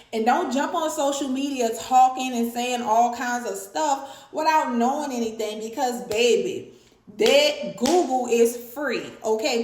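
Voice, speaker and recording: A woman from New Orleans with a New Orleans accent, ranting to camera in a sassy, scolding way and tagging her points with "okay?". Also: high-pitched. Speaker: vlogger. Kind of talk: opinionated rant to camera. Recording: echoey room.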